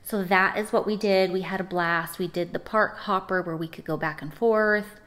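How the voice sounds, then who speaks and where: A middle-aged woman chatting casually to camera at home as a vlogger, talkative and quick to break into laughter. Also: mid-range voice, steady tone, a bit bright.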